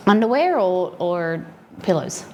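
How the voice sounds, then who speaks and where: A woman's voice: fairly low pitch, sing-song, measured pace, dark tone, a little hiss or hum. A woman streamer chatting casually with her viewers while she makes food in her kitchen. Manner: chatty, answers chat while rolling food. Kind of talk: casual cooking livestream chat.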